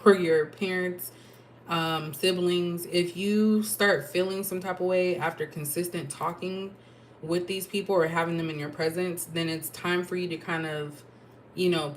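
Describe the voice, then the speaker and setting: Woman tarot reader, lowish voice, casual and rambling, faint background noise. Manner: chatty, thinking aloud with fillers and asides. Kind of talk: casual tarot reading to camera.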